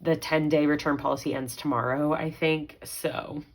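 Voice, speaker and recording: On a low-quality recording, a pregnant young vlogger counts out her budget money aloud, chatting casually and lightly talking to herself. Her deep voice keeps a steady tone at a moderate pace.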